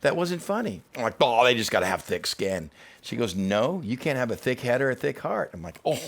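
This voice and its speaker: A man's voice: mid-range voice, very animated, brisk, gravelly. A man, a teaching pastor, giving a sermon in a conversational, humorous preaching style. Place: church.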